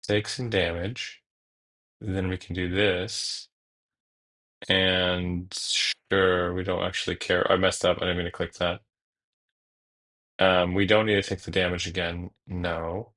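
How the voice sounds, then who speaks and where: Streaming a card game, this young guy reasons aloud with casual jokes, the occasional curse, and muttered asides. He speaks slowly in a low, steady, slightly bright voice, pausing often.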